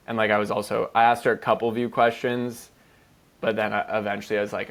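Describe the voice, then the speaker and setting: A man co-hosting a podcast in an easygoing, rambling chat. His voice sits low with a gravelly fry. He swears casually and leans heavily on "like" between his thoughts. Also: little pitch movement, fast talker. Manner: loose, profane, heavy "like" fillers. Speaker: podcast co-host.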